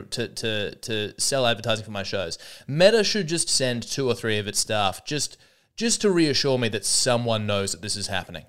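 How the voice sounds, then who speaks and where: A man around thirty with an Australian accent, a comedian hosting a podcast, telling stories in a rambling, animated way with lots of restarts. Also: fairly low pitch, moderate pace, clear, resonant tone. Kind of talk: casual comedic monologue.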